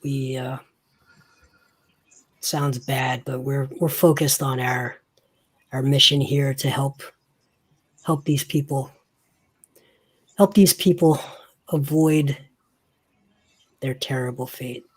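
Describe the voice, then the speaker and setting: A game master narrates a tabletop role-playing session at an unhurried pace, with many pauses and fillers. The voice sits in a middle pitch range. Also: level tone, breathy edge. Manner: slow, halting narration with fillers.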